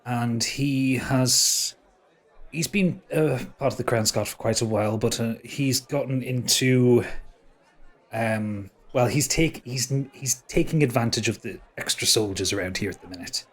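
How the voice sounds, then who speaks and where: A man voicing a wary, secretive female elven ranger in a tabletop game, in a blunt, low-key way. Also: unhurried, natural voice. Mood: guarded.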